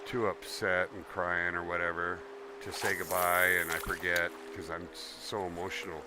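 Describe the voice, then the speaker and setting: A man chatting casually on a live game stream, warm toward his viewers and sometimes talking about himself in the third person. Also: low voice, little pitch movement, moderate pace, background noise. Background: background music.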